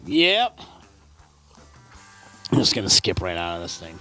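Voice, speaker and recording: A man's voice: low-pitched, huge pitch swings, measured pace, pauses often, bright, forceful tone, dry recording, faint music behind. A man from upstate New York hosting a local radio show, chatty and playful as he reads sponsor spots and talks with guests in a studio. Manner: upbeat, chatty, playful hype. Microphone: studio microphone.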